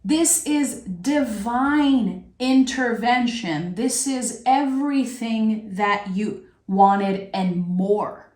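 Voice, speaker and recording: A woman giving a spiritual tarot reading in a slow, earnest, heartfelt way. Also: fairly high pitch, a little mellow. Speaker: tarot reader. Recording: roomy echo.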